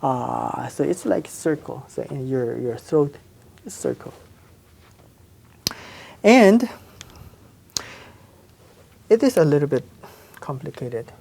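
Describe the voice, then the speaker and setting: A woman's voice: a bass voice, expressive, slow pace, gravelly, pauses often, dark tone, a little hiss or hum. A woman teaching a language lesson, patiently repeating sounds and checking in with her students. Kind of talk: slow explanatory lesson with spoken examples.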